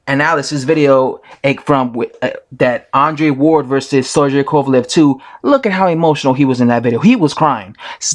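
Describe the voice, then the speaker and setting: A man who makes boxing videos, telling a story to his camera as a casual, indignant rant full of repetition. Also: mid-range voice. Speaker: YouTube boxing commentator.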